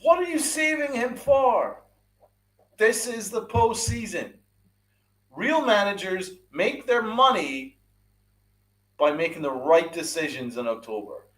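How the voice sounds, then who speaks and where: A man with a high-pitched, fairly bright voice speaks slowly and expressively, leaving long pauses. He hosts a podcast with live chat and delivers an angry sports rant, swearing, repeating his points and firing rhetorical questions at listeners.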